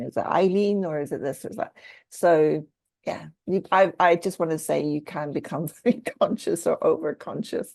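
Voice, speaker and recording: A Scottish woman with a low, mellow voice chats on a video call. She thinks aloud and restarts her sentences. The sound is dry and close. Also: vocal fry, no echo. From Scotland. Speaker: coach. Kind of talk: group discussion on a video call.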